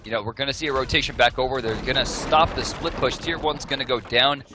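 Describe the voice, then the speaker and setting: A man's voice: mid-range voice, steady tone, fast talker, background noise. A man casting an esports match, giving play-by-play and analysis with joking banter. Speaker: esports caster. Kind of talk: play-by-play commentary.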